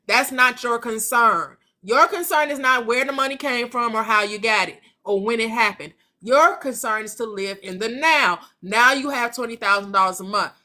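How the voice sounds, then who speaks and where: A woman's voice: fairly high pitch, sharp tone. A woman hosting a casual motivational talk, chatting and acting out imagined conversations. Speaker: manifestation channel host.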